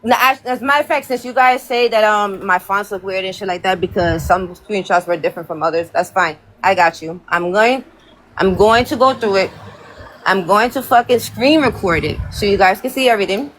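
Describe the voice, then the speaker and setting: A woman's voice: mid-range voice, a little fast, a little hiss or hum, poor audio. A woman hosting a livestream, talking in a heated, profane rant and repeating herself. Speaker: livestream host.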